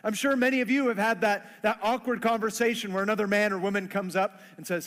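A man's voice: sits high, steady tone, fast talker, hardly any pauses, a bit bright, long reverb tail. A man preaching a sermon who acts out everyday conversations in playful voices. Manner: acts out dialogue in funny voices. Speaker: pastor.

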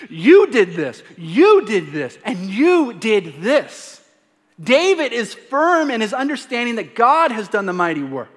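A man's voice: a little high, a bit bright. A man in his thirties preaching a sermon, reading scripture aloud with emphasis and adding playful asides. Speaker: pastor. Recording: long hall reverb.

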